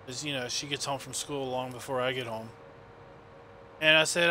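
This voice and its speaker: A man's voice: medium pitch, normal speed, pushed and bright, a little hiss or hum. A man casually chatting and telling stories while streaming a farming game, rambling with lots of fillers. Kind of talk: casual gameplay chat and storytelling.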